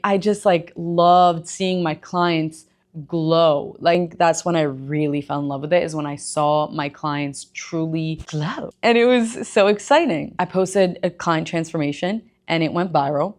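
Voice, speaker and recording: A young woman from Egypt tells her own story in a casual, chatty way. Her voice sits a little low. She gets animated and jumps higher whenever she quotes someone. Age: young adult. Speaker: personal trainer and gym owner.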